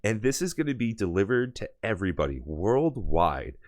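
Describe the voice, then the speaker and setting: A very deep-voiced American man chats casually on a podcast, rambling with an eager, easygoing energy and plenty of fillers. His voice sounds close and dry, with no room around it. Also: very animated, normal speed, dry recording. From United States. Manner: rambling, enthusiastic with many fillers. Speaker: podcast co-host. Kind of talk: casual chat.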